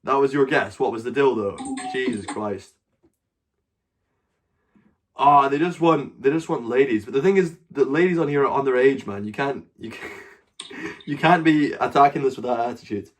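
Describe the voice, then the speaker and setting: A man's voice: medium pitch, moderate pace. A man with a Scottish accent hosting a live stream, bantering crudely with strangers and swearing freely. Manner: crude, swears freely, loud mocking outbursts.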